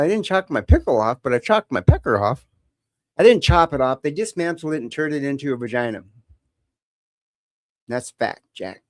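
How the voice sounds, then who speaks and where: A bawdy, teasing woman hosts a live call-in stream, laughing often as she jokes around. Her pitch swings up and down all the time. The sound is dry and close, with no room echo. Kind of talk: joking live-stream chat.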